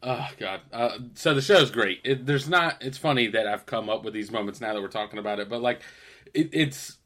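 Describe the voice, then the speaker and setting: A man's voice: mid-range voice, brisk, fairly bright tone. A man co-hosting a podcast in casual chat, swearing, laughing and acting out scenes from shows. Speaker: podcast co-host.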